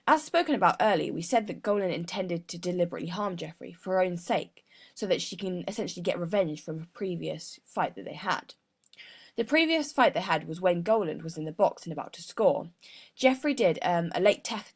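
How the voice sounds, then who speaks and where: A woman's voice: lowish voice, lively intonation, a little fast, creaky, slightly rough. A young woman as a sports psychologist guest, giving an earnest prepared explanation with frequent mid-word restarts. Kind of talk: prepared explanation in a mock interview.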